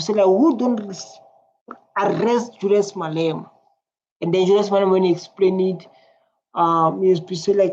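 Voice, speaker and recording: A man's voice: sits high, steady tone, unhurried, pauses often, a little mellow. Man reading viewer comments, lo-fi. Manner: repetitive, reads viewer comments aloud. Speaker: reaction video host. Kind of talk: casual reaction commentary.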